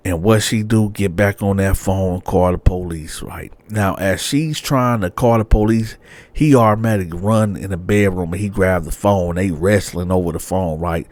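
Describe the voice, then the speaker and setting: A man casually telling a true-crime story, slangy and animated, often checking in with "right?". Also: low-pitched, moderate pace, no room sound.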